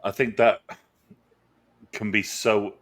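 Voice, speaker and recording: A man's voice: on the low side, flat delivery, slow pace. A man co-hosting a casual movie review podcast, enthusiastic and rambling, swearing and restarting his sentences. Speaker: podcast co-host. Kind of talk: casual chat.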